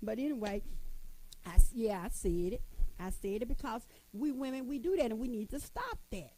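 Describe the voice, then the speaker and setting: A woman's voice: on the high side, lively intonation, normal speed, mellow, poor audio. A middle-aged woman giving a motivational talk to women, folksy and emphatic, repeating her points and calling listeners honey. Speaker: motivational speaker addressing women.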